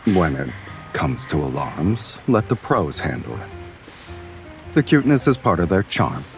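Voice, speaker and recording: An actor voicing a calm, suave young man in a romance game, teasing and protective. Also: low voice, a little slow, faint music behind, heavily acted. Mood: teasing, caring. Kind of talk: game voice acting.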